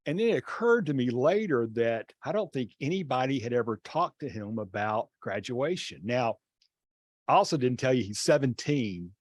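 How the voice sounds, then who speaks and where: A man's voice: mid-range voice, slightly rough, no echo. Man telling a classroom story. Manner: animated storyteller acting out dialogue. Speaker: teacher. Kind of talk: storytelling lecture. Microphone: video call.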